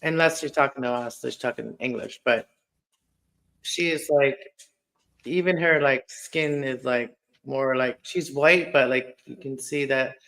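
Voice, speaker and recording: Casual YouTuber man from a Mennonite community in Mexico; rambling, filler-heavy, tense bright tone. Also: mid-range voice, unhurried, creaky. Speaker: YouTuber, co-host of live chat. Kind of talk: casual chat.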